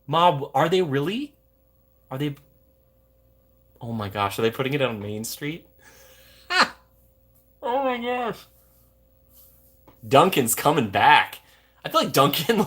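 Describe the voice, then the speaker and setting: A man's voice: medium pitch, a bit bright, husky. A young man from Minnesota, hosting a livestream, chatting casually and going off on jokey tangents while reading viewer comments. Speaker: livestream host.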